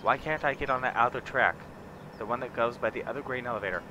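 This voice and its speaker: A man's voice: medium pitch, fast talker, dull audio. A man streaming a farming game, muttering wry casual commentary to himself as he plays. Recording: noisy background.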